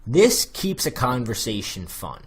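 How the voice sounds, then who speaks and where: A man with an American accent talks through dating advice in a relaxed, rambling way. His voice is husky and a little breathy, sitting at an ordinary male pitch. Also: a little slow. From United States. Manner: loose and chatty, many fillers. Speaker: dating coach. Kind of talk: casual spoken advice monologue.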